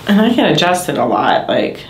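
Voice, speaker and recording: A woman's voice: low-pitched, sing-song, moderate pace. A pregnant woman, emotional and tearful, reacting with breathless exclamations and laughter as a patient. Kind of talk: casual reactions during treatment. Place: chiropractic clinic room. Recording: echoey room, faint background noise.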